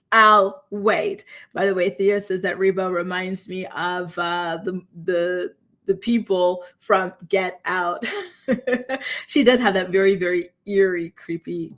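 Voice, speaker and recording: A woman with a mid-pitched voice hosts a casual gossip recap. She talks in a sassy, blunt, chatty way and addresses her viewers directly. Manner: talks straight to live chat viewers. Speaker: celebrity gossip host. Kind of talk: casual reality TV recap commentary.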